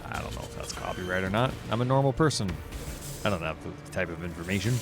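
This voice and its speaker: A man with a low, gravelly voice gives casual commentary while streaming a video game. He wonders out loud and chats freely, with game music playing clearly behind him. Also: expressive, quick pace. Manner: chatty, curious, thinks out loud with giggling outbursts. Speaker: gaming streamer.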